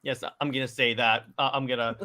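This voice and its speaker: Man, young adult, podcast co-host, casual movie chat, eager, stumbling restarts, bright tense voice. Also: medium pitch, level tone, brisk. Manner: enthusiastic, rambling with many restarts.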